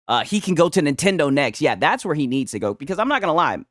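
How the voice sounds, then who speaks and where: A man's voice: a little high, sing-song, quick pace, fairly bright tone, no echo. Chill guy streaming and reading chat, curses a ton, laughs a lot, voice jumps all over, dry close sound. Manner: laid-back, swears a lot, laughs often. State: tipsy from a couple of beers. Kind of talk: casual livestream chat.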